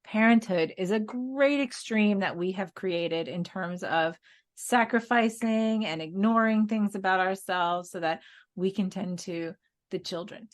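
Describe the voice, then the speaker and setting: A woman's voice: mid-range voice, a little slow. A woman co-hosting a casual spiritual podcast, telling stories in an earnest way and laughing now and then. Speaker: podcast co-host.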